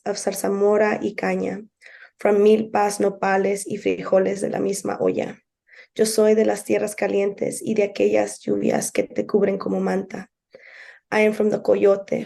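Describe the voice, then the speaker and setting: Gravelly-voiced woman reading poetry. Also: medium pitch, dark tone. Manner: slow, deliberate poetry reading. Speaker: podcast co-host. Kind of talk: co-hosting and reading her own poem aloud.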